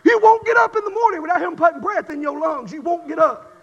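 Fervent high-voiced preacher. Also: male voice, lively intonation, fast, in a large hall, highs cut off. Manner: fervent preaching that swings from quiet to shouting. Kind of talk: sermon.

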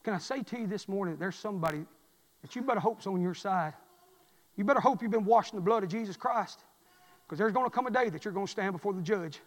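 A preacher with a strikingly high voice delivers a folksy, story-driven sermon. He rises to loud cries, then drops to hushed murmurs. A long hall reverb trails every word. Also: expressive, fast talker.

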